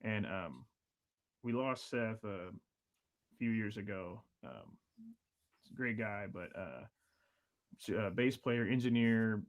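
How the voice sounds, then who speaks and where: Rambling storyteller man, relaxed chat. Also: on the low side, slow pace, pauses often. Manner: rambling, filler-heavy, laughing storyteller. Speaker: podcast guest, drummer.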